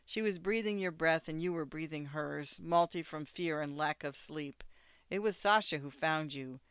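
A man narrating an audiobook in a steady, second-person storytelling way. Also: on the high side, normal speed, clear, resonant tone, dry recording.

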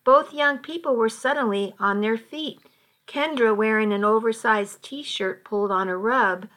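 A woman's voice: fairly high pitch, a bit bright. A woman narrating a first-person story as an amateur audiobook, stopping now and then to restart a line. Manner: slow, with restarts and slips.

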